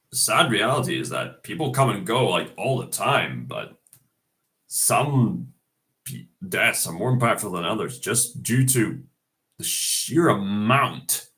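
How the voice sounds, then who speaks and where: Casual host, man, getting over a cold; slow, halting delivery, fairly low voice. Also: fairly bright tone. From Scotland. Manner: hesitant, many fillers and restarts. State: recovering from a cold, coughing. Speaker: video host. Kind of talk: casual tribute talk.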